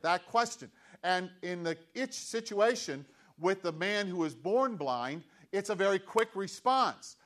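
A man's voice: sits high, lively intonation, moderate pace, a bit bright. A man preaching a sermon in a conversational way, with restarts and emphatic, repeated questions. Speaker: pastor.

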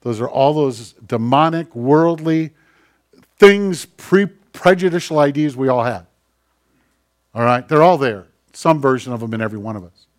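Preacher swinging from loud to hushed. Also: male voice, mid-range voice, normal speed. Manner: swings from loud exclamations to hushed quiet lines; conversational, asks the congregation questions. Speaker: pastor. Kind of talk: sermon.

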